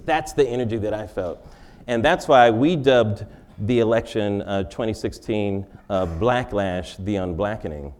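A man's voice: fairly low pitch, darkish tone. A male comedian giving a wry comic lecture in a large forum, interviewing himself and laughing at his own jokes.

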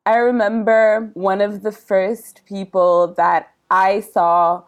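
A woman's voice: medium pitch, little pitch movement, slow pace. A young woman from Sudan co-hosting a podcast, chatting casually and asking incredulous questions. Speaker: podcast co-host. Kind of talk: casual chat.

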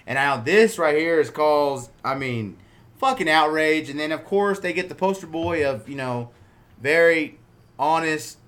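Bright-voiced man hosting casual banter. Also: on the high side, measured pace. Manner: loose, profane, joking banter. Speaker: podcast host. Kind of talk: casual chat.

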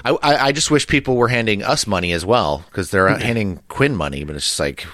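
A man co-hosting a casual podcast, chatting and telling stories, his voice a little deeper from allergies. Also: animated, quick pace, fairly bright tone, no room sound, studio quality. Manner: chatty, self-deprecating storyteller. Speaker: podcast co-host.

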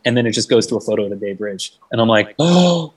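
Young guy telling a story, husky lowish voice, lots of cussing and "like", sounds kinda far from the mic. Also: little pitch movement, rapid-fire. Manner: swears freely, fills with 'like', acts out quoted people. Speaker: guest. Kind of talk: casual storytelling. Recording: mic set back from the speaker.

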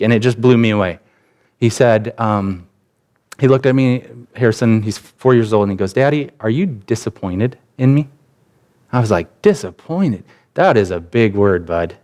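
A man's voice: mid-range voice, a little mellow. Conversational man preaching a sermon. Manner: conversational, personal anecdotes, frequent restarts. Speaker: pastor.

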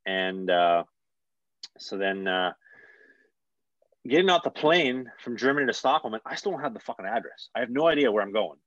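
Brief: animated young man, swears freely, dry close sound, a bit dull. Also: fairly low pitch, normal speed, pauses often, dry recording. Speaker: guest, hockey player. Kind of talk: casual storytelling.

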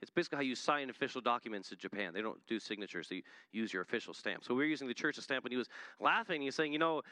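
A man's voice: medium pitch, bright, forceful tone, dry recording. A man preaching a sermon in an earnest manner, often building to emphatic peaks. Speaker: missionary preacher.

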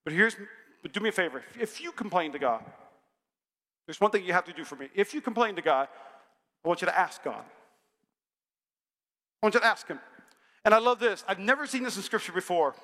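High bright-voiced man preaching in a hall. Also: moderate pace, long pauses. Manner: energetic, humorous preaching that rises to shouts. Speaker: pastor. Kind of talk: sermon. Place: church. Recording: long hall reverb.

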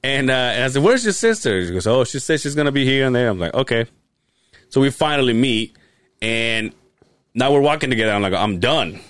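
A middle-aged man hosting a podcast who tells a long story in a casual, animated way, swearing often and laughing as he goes. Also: medium pitch, brisk, clean tone, no echo. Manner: animated, profane, laughs while telling stories. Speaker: podcast host.

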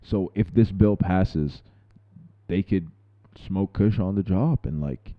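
Young dude on a podcast, super deep voice, chill slang, dull mic. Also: male voice, takes it slowly, dry recording. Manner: laid-back slang, lots of backchannel. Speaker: podcast co-host. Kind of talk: casual chat.

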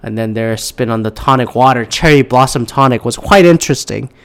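A man's voice: medium pitch, a little fast, fairly bright tone. A man with a slightly nasal voice hosting a podcast, rambling casually and ranting with lots of swearing and restarts. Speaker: podcast host.

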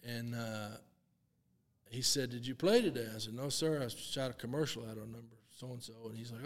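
A man's voice: medium pitch, normal speed. A man in his sixties tells a story in a casual interview, with a mid-range voice. He animates it by acting out what people said and laughs often along the way. His voice rings with a long room reverb. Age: 60s. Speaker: guest, long drive champion.

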